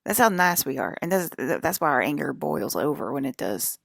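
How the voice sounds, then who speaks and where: Gravelly low-voiced woman ranting on a stream. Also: big pitch swings, normal speed, hardly any pauses, fairly bright tone, no echo. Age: 40s. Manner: angry, profane, scolding her viewers; rambling with frequent restarts. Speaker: livestream channel host. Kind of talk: rambling spiritual livestream monologue.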